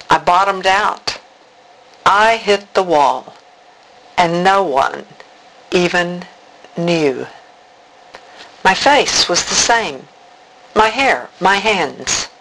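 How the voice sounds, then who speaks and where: Slow, deliberate woman reading reflectively. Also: on the low side, a bit bright, low-quality recording. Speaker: speaker. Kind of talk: reflective spoken-word reading.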